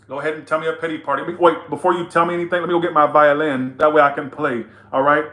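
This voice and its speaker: A man's voice: a little high, little pitch movement, rapid-fire, fairly bright tone, reverberant. A man giving a casual tarot reading to camera, blunt, teasing and full of profanity. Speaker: tarot reader.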